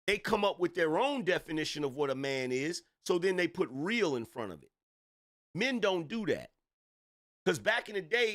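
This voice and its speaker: Man, middle-aged, fairly high voice, emphatic, repetitive, lecturing monologue. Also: a bit bright. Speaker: commentator. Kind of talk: opinion commentary monologue.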